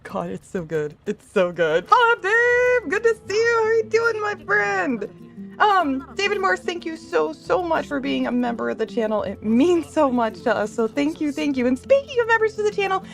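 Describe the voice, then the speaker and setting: A woman's voice: very high-pitched, sing-song, moderate pace, gravelly, soft background music. A woman live-streaming a game, chatting with viewers and reading chat aloud, bubbly, laughing often and swearing freely. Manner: reads chat messages aloud.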